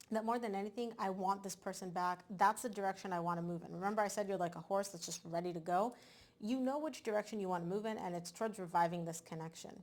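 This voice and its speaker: Animated woman giving a tarot reading. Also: medium pitch. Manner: animated, emphatic, repeats words for stress. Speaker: tarot reader. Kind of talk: casual tarot reading to camera.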